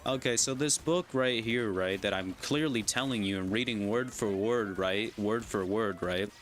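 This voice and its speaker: A man's voice: on the low side, normal speed, fairly bright tone. A man streaming a game and venting casually. He argues his point and keeps tagging his sentences with "right?" and "you know?". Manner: argumentative, constantly asks "right?" and "you know?". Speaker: gaming streamer. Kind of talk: casual rant while gaming.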